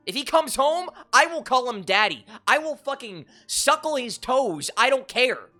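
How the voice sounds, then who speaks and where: A bright-voiced streamer talks casually on a live stream at normal speed, with a lively pitch swing and hardly any pauses. His joking, crude talk jumps high and loud when he gets worked up, with faint game music underneath.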